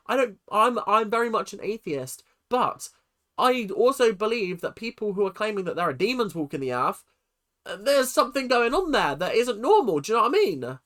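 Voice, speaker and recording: Animated recap ranter. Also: medium pitch, brisk. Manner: emphatic, exasperated, asks rhetorical questions. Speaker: reality TV recap vlogger. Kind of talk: ranting commentary to camera.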